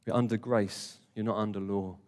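A man's voice: fairly low pitch, steady tone, moderate pace, darkish tone. A man preaching a conversational, emphatic sermon to a live congregation, with jokey asides. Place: warm church hall, live congregation. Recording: long hall reverb.

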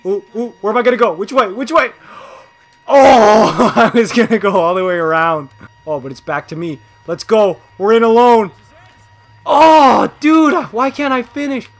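A young man giving live gameplay commentary, excitable and trash-talking, swinging between low muttering and sudden yelling. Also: normal speed. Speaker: gaming video host.

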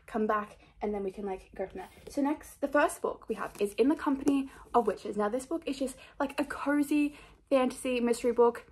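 A woman's voice: a little high, slightly rough. A young woman chatting casually about her book picks in a rambling, scattered, self-mocking way, full of fillers. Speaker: book vlogger. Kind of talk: casual chat.

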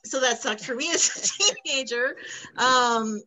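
Bright-voiced woman doing stand-up. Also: on the high side, measured pace, rough recording. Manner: chatty storytelling, laughing at her own jokes. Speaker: stand-up comic. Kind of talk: stand-up comedy set. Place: comedy stage before a live audience.

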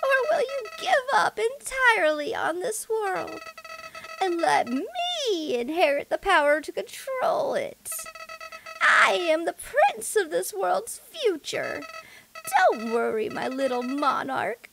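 A woman voicing a sinister scheming flower creature from a video game, speaking slowly with drawn-out menace. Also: very high voice, sing-song, vocal fry, very noisy, voice pushed up, heavily acted. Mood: menacing. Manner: slow, creepy, drawn-out menace.

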